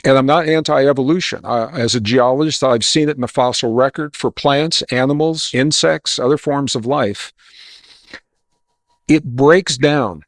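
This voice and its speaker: A man's voice: mid-range voice, unhurried, no echo, studio quality. A man being interviewed as a guest, confidently telling a story and then explaining his views. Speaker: guest author.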